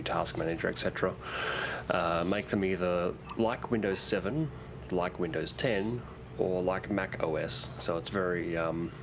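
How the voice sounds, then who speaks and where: Man, very low voice, casual gaming chat, rambling with fillers, noisy voice-chat line. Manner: rambling, lots of fillers and restarts. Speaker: livestream co-player.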